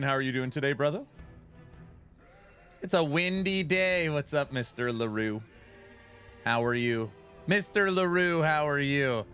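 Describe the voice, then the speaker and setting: Male live-stream host, bright forward tone, casual joking chat, rattles off viewer names. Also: fairly high pitch. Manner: loose, joking, greets chat by name.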